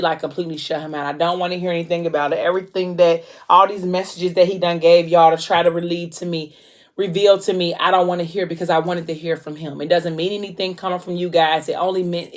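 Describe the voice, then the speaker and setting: A woman with casually retelling a novel's plot, filling her talk with ums and briefly acting out the characters' lines. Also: fairly low pitch. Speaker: book vlogger recapping a novel. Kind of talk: casual book recap.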